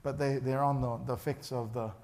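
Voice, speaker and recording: A man's voice: medium pitch, a little fast. A male pastor, preaching a sermon in a church and acting out the people in his story. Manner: animated, acts out the characters' voices.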